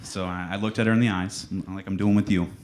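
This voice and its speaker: Deadpan young male stand-up comic. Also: sits low, quick pace. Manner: dry, deadpan delivery that sinks into mock-solemn quiet. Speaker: stand-up comedian. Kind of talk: stand-up comedy set. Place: comedy club stage.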